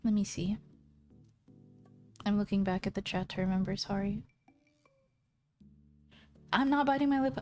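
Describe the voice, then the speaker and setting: A woman's voice: mid-range voice, measured pace, pauses often, darkish tone, faint music behind. A woman streamer chatting casually with her viewers, playful and teasing, laughing often. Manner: giggly, playful and teasing, talks straight to viewers.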